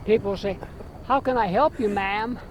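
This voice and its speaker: An older man doing stand-up comedy outdoors, delivering deadpan one-liners to a small crowd. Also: high-pitched, normal speed, low-quality recording. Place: outdoors by the water at sunset. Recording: windy outdoor camcorder audio. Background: wind noise and a small audience laughing.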